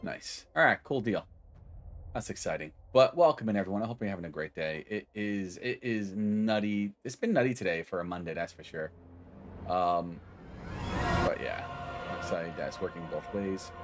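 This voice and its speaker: A man's voice: low-pitched, moderate pace. Upbeat rambling male streamer, faint music. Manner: rambling, upbeat, greets chatters by name; self-deprecating, loses his train of thought. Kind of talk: casual live-stream chat.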